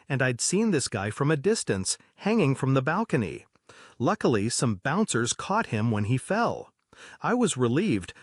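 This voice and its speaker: A man reading a true horror story aloud in a lively, dramatic narrating manner. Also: mid-range voice, slightly rough, no room sound, studio quality.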